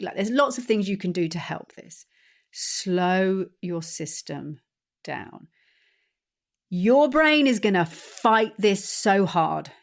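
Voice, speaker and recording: Female solo podcast host, slightly low register, calm deliberate coaching delivery. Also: vocal fry. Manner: calm, deliberate coaching, often slowing and softening. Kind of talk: solo podcast talk on anxiety.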